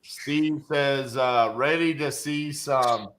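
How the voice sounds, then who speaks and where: With a medium pitch, fairly even intonation, a slow pace, and a fairly bright tone, this middle-aged man co-hosts a casual livestream; a little hiss or hum is audible. A real estate investor, he jokes, tells folksy stories, greets viewers, and reads their comments.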